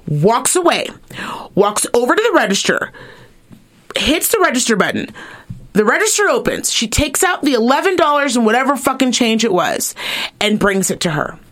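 A young woman co-hosts a chatty podcast and tells a story with lots of energy and plenty of swearing. Her voice sits a little on the high side. She slips into the voices of the people she quotes as she goes. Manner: animated, profane, acts out quoted people. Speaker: podcast co-host. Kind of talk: casual storytelling chat.

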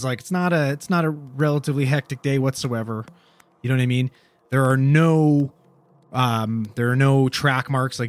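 Rambling man telling a story. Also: mid-range voice. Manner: rambling, peppered with "you know what I mean". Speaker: paramedic. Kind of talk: casual storytelling.

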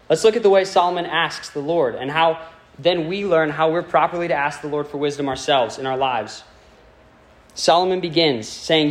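Conversational man preaching a sermon. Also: a little high. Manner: conversational and playful, asking the congregation questions.

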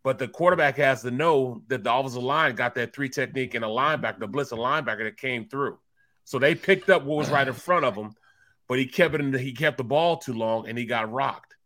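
A male sports talk co-host spinning a story in an animated, casual way. He stumbles over repeated words as he gets worked up. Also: medium pitch, a little fast. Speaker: co-host, former football player.

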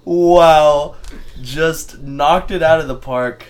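A podcast host chatting casually in an excitable way. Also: mid-range voice, slow pace. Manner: excitable, laughing often. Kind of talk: casual chat.

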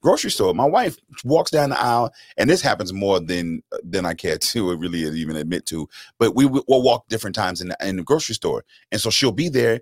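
Casting note: deep-ish man, lively intonation, emphatic and reflective, dry sound. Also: fairly quick, few pauses, no room sound. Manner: emphatic, reflective, mimics voices. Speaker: co-host. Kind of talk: casual discussion.

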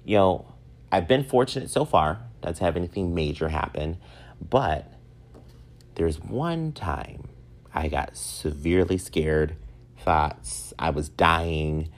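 Deep-voiced man, self-mocking podcast talk. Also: slow pace. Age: 30s. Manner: self-mocking, animated storytelling. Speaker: podcast host. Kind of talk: casual solo podcast monologue.

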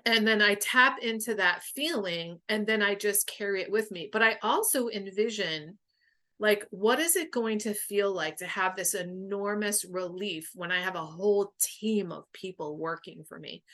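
A middle-aged woman talking as a podcast guest in a casual storytelling way. She is candid and expressive, swears without a second thought and fills her sentences with "like". Her pitch sits right in the middle for a woman. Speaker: boundaries coach, podcast guest.

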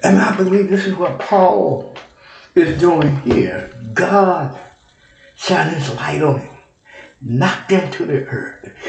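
A man's voice: a little high, gravelly, darkish tone. A man preaching a sermon, reading scripture aloud and often repeating and correcting himself. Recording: echoey room.

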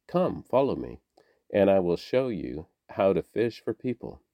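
A man voicing Jesus as a calm, commanding male teacher in a scripture reading. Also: sits low, a little slow, creaky, no room sound, dull audio, full character voice.

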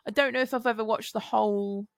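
A woman's voice: a little high, fairly even intonation, fast talker, creaky, dry recording, clean studio sound. A woman co-hosting a casual podcast, chatty and giggly, speaking bluntly. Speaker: podcast co-host. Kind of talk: casual chat.

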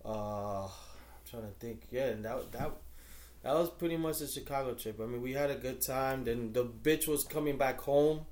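A man co-hosting a podcast, telling stories in an animated casual chat and acting out what people said. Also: medium pitch, normal speed. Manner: animated storyteller who acts out quotes. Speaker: podcast co-host.

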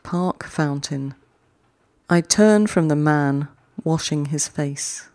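A poetry-podcast host reads short poems in an unhurried, deliberate way, pausing long between lines. The voice is mellow and of middling pitch. The sound is dry and close, with no room around it. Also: dry recording. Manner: reads each short poem twice with long pauses; chatty, quicker sign-off. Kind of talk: slow, measured poetry reading.

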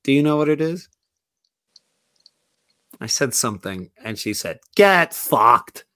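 A man's voice: medium pitch, animated, measured pace, no room sound. A man co-hosting a podcast, telling a long story in a casual, rambling way with lots of "like" and restarts. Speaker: podcast co-host.

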